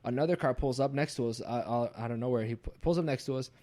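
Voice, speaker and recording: Talking fast in a mid-range voice, a young man tells a ghost story casually on his podcast. He swears plenty and acts out his friends' voices in an animated way.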